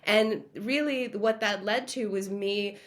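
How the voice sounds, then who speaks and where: A woman's voice: medium pitch, slow pace. Podcast guest: woman from Long Island, earnest, reflective personal storytelling. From Long Island, New York.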